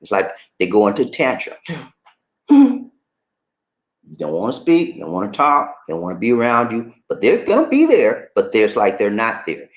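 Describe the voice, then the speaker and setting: Host, middle-aged American man, loose and jokey delivery, very lively pitch. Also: a little fast, few pauses. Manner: animated, jokey, swings into high excited voice. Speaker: channel host. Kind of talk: casual talk to camera.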